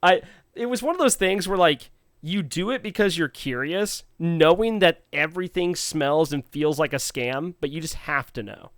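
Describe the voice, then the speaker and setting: Smooth-voiced man telling a story on a podcast. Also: fairly high pitch, dry recording, studio quality. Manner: animated, playful, quotes others in quick bursts. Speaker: podcast co-host. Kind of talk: casual storytelling chat.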